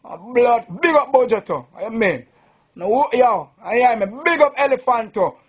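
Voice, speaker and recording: A man's voice: extremely high pitch, animated, normal speed, breathy edge. A Jamaican man, a sound system selector, drunk and boasting in a rambling, profane rant to the camera.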